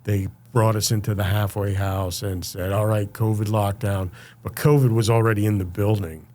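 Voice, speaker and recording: A man with a somewhat low voice tells his story as a podcast guest. He talks casually and with energy, often slipping into the voices of the people he quotes. His speech is full of fillers. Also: moderate pace. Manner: animated, acts out quoted voices, many fillers.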